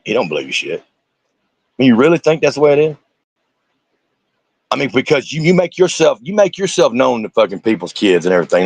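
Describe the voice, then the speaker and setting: A man's voice: medium pitch, breathy edge, no echo. A man, a streamer giving angry, profane reaction commentary and confronting the people in the clips.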